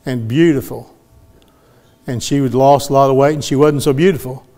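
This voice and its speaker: A man's voice: mid-range voice, steady tone, normal speed, mellow. A middle-aged man, preaching a sermon as he tells a story in a folksy way and acts out the voices of the people in it. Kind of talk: sermon testimony.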